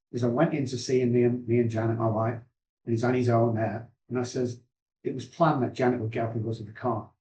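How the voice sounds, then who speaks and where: An addiction specialist earnestly recounts his life story in rambling, heartfelt sentences, an emotional piece of personal storytelling. His medium-pitched voice has a darkish tone, and the recording carries a roomy echo.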